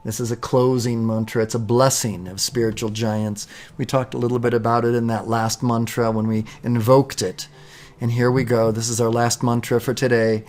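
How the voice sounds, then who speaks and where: Man chanting devotional mantras, monotone. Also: mid-range voice. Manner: slow, devotional, measured. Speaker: mantra leader. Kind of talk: chanting mantras and spiritual talk.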